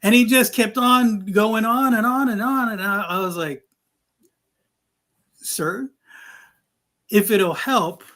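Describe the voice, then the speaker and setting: High-voiced man telling an animated story. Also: moderate pace, hardly any pauses. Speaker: co-host. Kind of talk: casual storytelling chat. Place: live studio.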